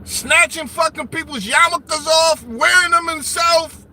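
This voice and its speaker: High, bright-voiced man ranting in his car. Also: unhurried, slight background noise. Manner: loud, swearing, joking rants with bursts of laughter. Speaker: livestream host. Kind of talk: profane live-stream rant. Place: sitting alone in his car.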